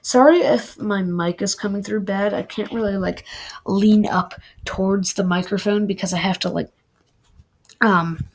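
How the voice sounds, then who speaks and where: Chatty young woman, husky voice. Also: medium pitch, a little slow, low-quality recording. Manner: rambling, chatty, many fillers. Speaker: book reviewer. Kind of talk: casual book review vlog.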